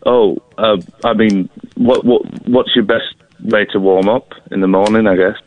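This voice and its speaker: A man's voice: fairly low pitch, fairly even intonation, normal speed. A man calling in to a radio show, polite and stammering, heard over a phone line. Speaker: caller; singing teacher. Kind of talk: phone-in call. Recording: dry, dull phone-in line.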